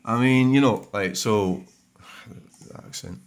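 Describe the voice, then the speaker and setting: A man's voice: fairly low pitch, takes it slowly. Scottish man, blunt and rambling. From Scotland. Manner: rambling, blunt, swears freely. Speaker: dashcam channel host. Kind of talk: casual vlog talk while reviewing comments.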